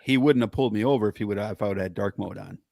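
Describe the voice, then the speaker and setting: A man hosting a podcast in a casual chat, often hesitating and filling pauses with "uh" and "um" as he steers toward the main topic. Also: fairly low pitch, vocal fry, dark tone, no echo, studio quality. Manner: hesitant, full of filler words. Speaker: podcast host.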